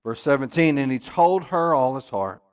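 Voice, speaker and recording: A man leading a church Bible study, emphatic, jumping from loud exclamations to quiet asides. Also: mid-range voice, animated, moderate pace, smooth.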